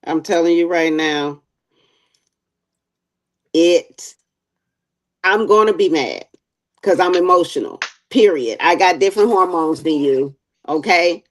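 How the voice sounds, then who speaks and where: A woman co-hosting a casual debate, talking sassily and drawing out her words for emphasis. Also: lowish voice. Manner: sassy, drawn-out emphatic delivery. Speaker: co-host.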